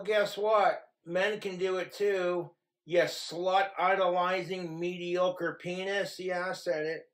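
A man vlogging at home, ranting bluntly and crudely in a rambling, profane monologue. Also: sits high. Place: home in Wyoming.

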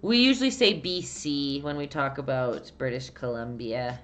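Low-voiced chatty Canadian woman. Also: normal speed, slight background noise. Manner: chatty, answers viewer chat, laughs often. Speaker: painting instructor. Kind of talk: casual live-stream painting lesson.

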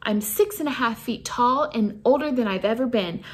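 A woman's voice: normal speed, breathy edge. A woman voicing a small, boastful young boy monster in a storybook reading. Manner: boastful then squeaky and scared.

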